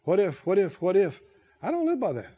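A man preaching a sermon as pastor, emphatic and repetitive, building key phrases to shouts. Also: high-pitched, huge pitch swings, brisk, breathy edge, muffled recording.

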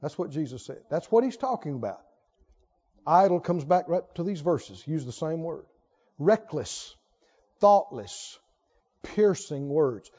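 A man preaching a sermon with animated delivery, leading the congregation in call-and-response. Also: on the high side, unhurried, long pauses, slightly rough, muffled recording. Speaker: pastor.

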